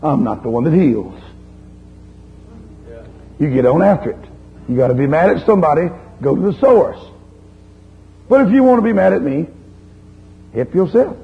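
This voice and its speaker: A man preaching a sermon, telling a story in a lively, folksy way and chiding his listeners. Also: high voice, a little fast, creaky, long pauses. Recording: dull lo-fi recording with faint hum.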